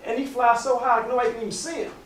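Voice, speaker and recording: A man with a fairly high voice tells a long story in a loose, rambling way, often restarting his sentences. He sounds distant from the mic, in a roomy space with a faint hum of noise behind him. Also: level tone, quick pace, fairly bright tone. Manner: rambling, with many restarts and casual grammar. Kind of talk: casual oral storytelling.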